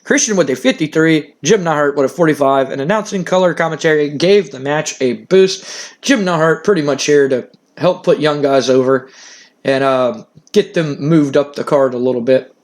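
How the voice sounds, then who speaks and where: A man's voice: on the high side, normal speed. A man narrating a wrestling booking game in a casual, rambling way with many fillers. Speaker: game streamer. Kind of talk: let's play narration.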